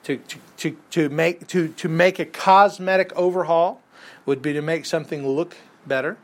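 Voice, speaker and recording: Man, Bible class teacher; relaxed, chatty lecturing, voice sits a bit high, keeps asking the room questions. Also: moderate pace. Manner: conversational, quizzes the class with questions.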